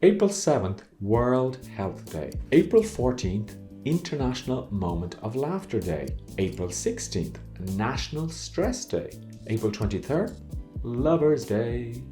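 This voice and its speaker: An Irish man hosting an upbeat marketing video, playful and animated with jokey asides. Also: mid-range voice, measured pace, soft background music. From Ireland. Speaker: host.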